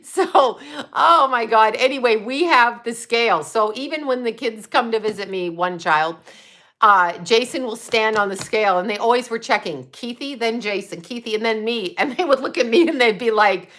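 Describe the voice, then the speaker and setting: A woman's voice: a little high, a bit bright. A middle-aged woman from Canada ranting bluntly and profanely in a casual livestream. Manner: blunt, profane, fast-shifting rant with laughs. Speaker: livestream host.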